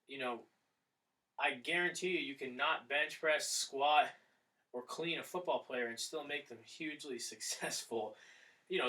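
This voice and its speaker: A man's voice: fairly high pitch, far from the mic, low-quality recording. A man who coaches athletes, hosting a podcast and talking casually with fillers and restarts. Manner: relaxed, rambling with fillers. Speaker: strength coach and podcast host.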